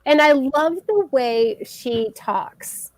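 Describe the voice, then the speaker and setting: A woman's voice: high voice, slow pace. A woman co-hosting a casual crochet live show over a video call, chatting, laughing often and reading out viewer comments. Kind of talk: casual chat.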